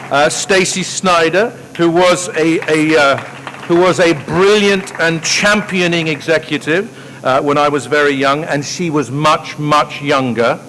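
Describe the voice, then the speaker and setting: A man's voice: on the high side, measured pace, fairly bright tone, long reverb tail, a little hiss or hum, low-quality recording. A man from Northern Ireland giving a gracious ceremony speech, thanking people with hesitant fillers. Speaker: speaker at an awards ceremony. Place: outdoor ceremony.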